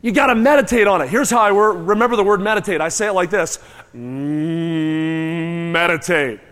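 Rapid-fire and animated, a high-pitched, bright-voiced preacher moos and chews out loud for effect while urging his listeners to respond. His sermon echoes with long reverb, like a church sanctuary.

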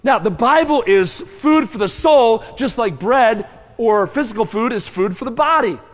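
A man preaching a sermon, animated and folksy, mooing and calling on the congregation to join in. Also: very high-pitched, normal speed. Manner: animated, moos and chews aloud, calls on the crowd. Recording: long hall reverb.

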